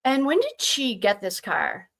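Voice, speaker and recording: A woman's voice: on the high side, wildly swooping pitch, unhurried, a bit bright, full character voice. A woman reading the part of a male prosecutor who asks pointed, probing questions.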